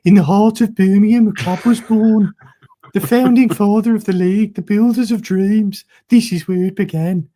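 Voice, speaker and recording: A man's voice: sits high, fairly even intonation, moderate pace, mellow, voice pushed up. A man putting on a grand, mock-dramatic promo narrator's voice while reading aloud. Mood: mock-epic.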